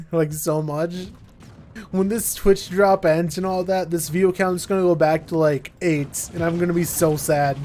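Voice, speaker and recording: A young American man chats loosely to his live-stream audience, rambling and filling gaps with "like" while poking fun at himself. His voice sits a little high for a man. Faint music plays under his talk. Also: fairly even intonation, a little slow, dark tone. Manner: rambling, says "like" a lot, self-mocking. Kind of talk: casual live-stream chat.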